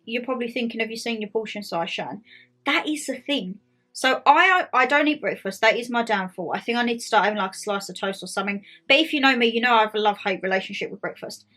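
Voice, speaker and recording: A woman's voice: on the high side, fast, bright, forceful tone, faint music behind. A young woman chatting casually to camera, bubbly and talkative, full of quoted asides. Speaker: vlogger host. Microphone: tablet camera.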